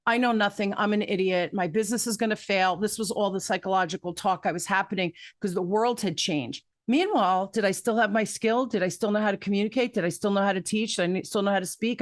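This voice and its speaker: A woman in her fifties hosting an interview, telling stories with lively acted-out quotes in casual chat. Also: mid-range voice, no echo, studio quality. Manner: animated storyteller, acts out quotes. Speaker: podcast host.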